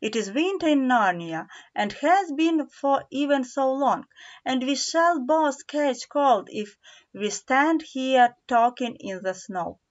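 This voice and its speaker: A woman's voice: sits high, animated, takes it slowly, highs cut off, voice pushed up. A woman voicing a polite, nervous male faun who speaks formally and hesitantly. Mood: earnest.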